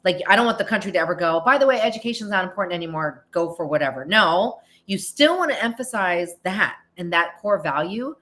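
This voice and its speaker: A woman's voice: lowish voice, a bit bright. A middle-aged woman from the United States hosting a podcast, answering listener questions in casual chat and acting out little quoted lines. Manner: chatty, restarts often and acts out quotes. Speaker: podcast host. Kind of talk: casual Q&A monologue.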